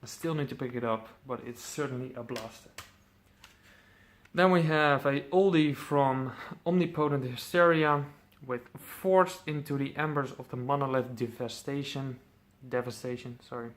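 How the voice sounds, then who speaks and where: A man's voice: medium pitch, normal speed. A man casually presenting his metal CD collection, enthusiastic, swearing freely, with lots of ums.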